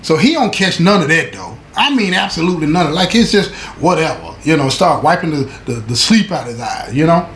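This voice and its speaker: Male storyteller, fairly high voice, animated and slangy, keeps asking if you follow him; roomy echo. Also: a little fast, hardly any pauses. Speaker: show host recounting prison stories. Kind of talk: casual storytelling to viewers. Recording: echoey room with faint background noise.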